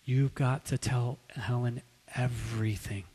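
A soft-spoken, caring friend, as a preacher puts him on, hushed and husky. His words hang in a reverberant hall. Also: mid-range voice, fairly even intonation, measured pace. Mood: earnest. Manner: soft, gentle and pleading. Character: gentle, caring male friend and mentor.

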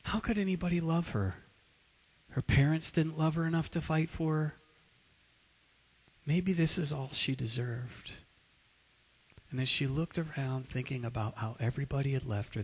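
A man at a middle pitch preaches through a dramatic story at a deliberately slow pace. His narration keeps dropping into hushed tones, then swells into loud, raised outbursts when he voices the characters' lines. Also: poor audio.

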